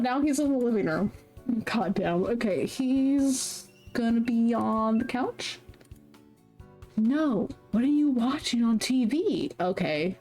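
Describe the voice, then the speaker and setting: A woman's voice: on the high side, darkish tone. Young adult woman, game streamer, casual commentary, irreverent, cursing, faint background music. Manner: chatty and irreverent, with frequent laughs and swearing. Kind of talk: casual let's-play commentary.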